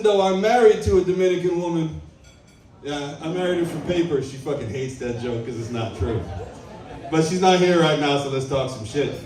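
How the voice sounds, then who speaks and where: A man's voice: on the high side, darkish tone, distant mic. Brash Trinidadian-born man doing stand-up in a very echoey room. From Trinidad and Tobago. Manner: brash, profane, punchy delivery. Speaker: stand-up comedian. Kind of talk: live stand-up set. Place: comedy club stage. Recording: very echoey live room, off mic.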